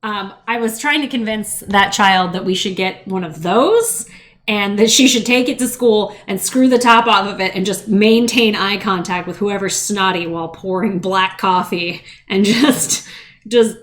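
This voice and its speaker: A woman's voice: medium pitch, a little slow, a bit bright. A middle-aged woman hosting a podcast, chatting casually and wryly, rambling with asides. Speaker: podcast host. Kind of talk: casual chat.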